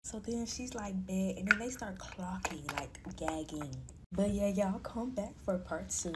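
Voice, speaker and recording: A woman telling a dramatic group chat story late at night, talking low and lively, with whispered asides. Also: unhurried, heavy background noise. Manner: animated gossip, drops to whispers for quoted lines. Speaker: storytime creator. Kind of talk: casual storytime.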